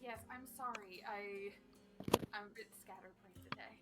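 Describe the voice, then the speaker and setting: A woman playing a character in a tabletop game, speaking softly and hesitantly with apologetic pauses. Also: medium pitch, fairly even intonation. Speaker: player. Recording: faint and distant from the mic, with music behind.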